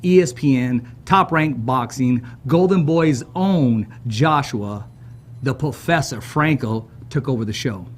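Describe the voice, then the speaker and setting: Husky-voiced man hosting with hype. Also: medium pitch. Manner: drawn-out hype introductions, repeats words often. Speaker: podcast host. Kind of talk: energetic interview hosting with announcer flourishes. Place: production studio.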